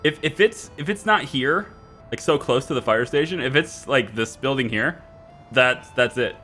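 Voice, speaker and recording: A man streaming a city-building game live, chatting to himself and yelling frantically when things go wrong. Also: medium pitch, normal speed, faint music behind. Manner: excitable, swings from mumbling to frantic shouting. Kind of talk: live gameplay commentary.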